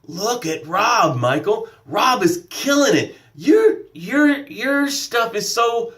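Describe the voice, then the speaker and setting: A man's voice: very high voice, big pitch swings, slow pace, a bit bright, voice pushed up, exaggerated voice. A man putting on a nagging, belittling inner critic. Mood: needling. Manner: needling, accusing, repeats his name. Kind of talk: live-streamed motivational talk.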